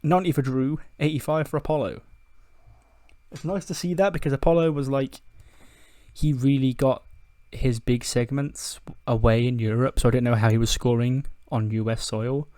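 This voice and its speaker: A man's voice: medium pitch, steady tone, moderate pace, mellow, no room sound. A man casually commentating his own playthrough, chatty and laughing at himself. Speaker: game commentator. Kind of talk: casual let's-play commentary.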